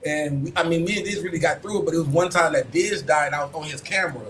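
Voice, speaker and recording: A man's voice: a little high, fast, a bit bright, slight background noise, poor audio. A man co-hosting a podcast, chatting casually and rambling about video games, with lots of fillers like "like" and "you know what I'm saying". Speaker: podcast co-host.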